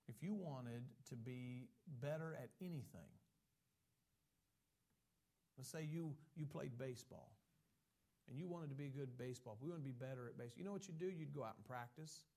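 A man preaching a sermon, reading scripture slowly and building to emphatic, rising bursts as he addresses his church. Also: medium pitch, lively intonation, mellow. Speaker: pastor.

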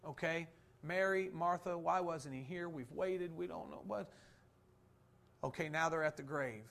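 Fervent preacher with sudden hushes. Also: male voice, unhurried, vocal fry. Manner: rising to fervent emphasis, then dropping soft and low; rhetorical questions answered by himself. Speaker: pastor. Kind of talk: sermon.

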